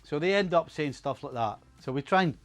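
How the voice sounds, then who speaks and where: A man's voice: on the high side, lively intonation, fairly quick, soft background music. An older man with a Scottish accent, a football pundit talking emphatically in casual chat. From Scotland. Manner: emphatic, repeats himself.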